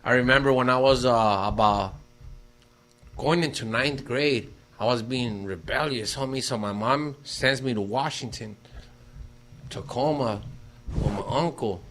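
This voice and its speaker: A man's voice: mid-range voice, unhurried, fairly bright tone. A man trading crude stories in casual chat, slangy and laughing often, mixing Spanish phrases into his English. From Mexican-American.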